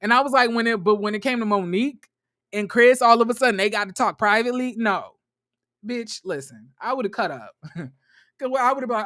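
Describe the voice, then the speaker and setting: A man casually recapping a reality show for his audience. He talks in an animated, gossipy way and laughs often. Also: very high voice, brisk, dry recording, clean studio sound. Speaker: commentary vlogger. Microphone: camera mic.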